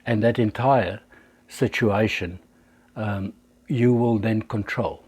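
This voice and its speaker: A man's voice: fairly low pitch, steady tone, unhurried, darkish tone, breathy edge. A man, teaching social skills in a talk to camera and acting out little example dialogues. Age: 60s. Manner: illustrates with acted examples. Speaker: life coach.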